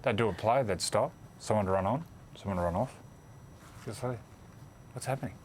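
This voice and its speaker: A man's voice: lowish voice, normal speed, slight background noise. A middle-aged Australian man, a former rugby league player, telling cheeky anecdotes in a laconic, laughing way. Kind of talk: casual storytelling chat.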